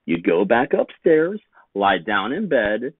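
A man's voice: lowish voice, very animated, slow pace, slightly rough, no echo, full character voice. A man doing a soothing lilting mama. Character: mama, gentle wise mother. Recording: tinny phone-like sound, dry.

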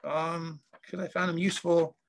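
A man in his fifties, an audio software engineer, chatting casually in an interview and rambling enthusiastically as he interrupts himself. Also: a little high, level tone, normal speed, gravelly, slight background noise.

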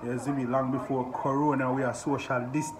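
A Jamaican man hosting a casual music reaction, talking excitedly and often asking "you see me?". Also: mid-range voice, a little fast. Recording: echoey room with background noise.

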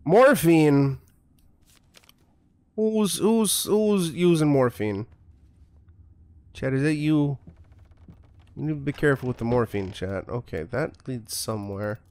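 Sarcastic male streamer, slow drawl, profane gameplay commentary. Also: medium pitch, lively intonation, a little mellow.

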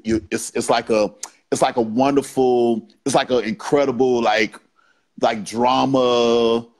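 A man speaking as a guest on a podcast, explaining casually in short bursts and often tagging his lines with "right?". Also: medium pitch. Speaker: guest BDSM educator. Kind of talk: casual podcast interview talk.

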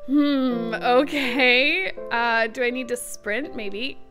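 Bright high-voiced girl gamer chatting to her viewers, nervous then cheering herself on, faint music playing behind. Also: takes it slowly. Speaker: gaming channel host. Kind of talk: casual let's-play commentary.

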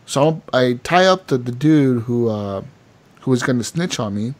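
Man, gaming podcast co-host, mid-pitch, casual animated storyteller who keeps acting out what others said. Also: measured pace. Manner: animated storytelling with quoted voices and filler words.

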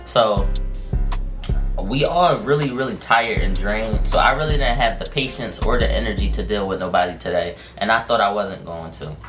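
Man telling a profane story over music. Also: lowish voice. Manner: slangy, profane, drawn-out phrasing with many fillers. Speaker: storytime vlogger. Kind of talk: casual storytelling. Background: music in the background.

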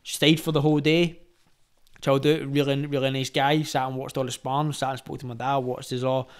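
Young Glaswegian man, smooth clear voice, casual podcast yarn with restarts. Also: mid-range voice, little pitch movement, fairly quick. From Scotland. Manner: storytelling, lots of fillers and restarts. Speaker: podcast guest, boxer. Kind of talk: casual chat.

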